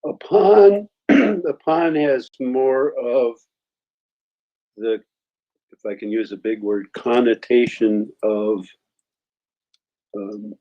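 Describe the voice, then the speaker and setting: A man's voice: mid-range voice, takes it slowly, long pauses, highs cut off. A man who guests on an English lesson, explaining word use in a thoughtful, casual way. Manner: thoughtful, searches for examples, self-deprecating. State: coughing.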